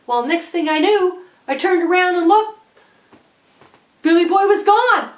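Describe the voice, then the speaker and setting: A woman telling a children's story in an animated, dramatic way. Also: very high voice, unhurried, roomy sound. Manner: animated, dramatic, gasping with wonder. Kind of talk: storybook narration.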